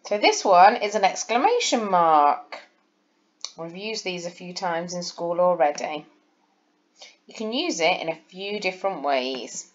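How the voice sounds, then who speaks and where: A woman's voice: fairly low pitch, lively intonation, measured pace, muffled recording. A woman, a primary school teacher giving a recorded lesson and explaining patiently, step by step, to young children. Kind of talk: recorded lesson over slides.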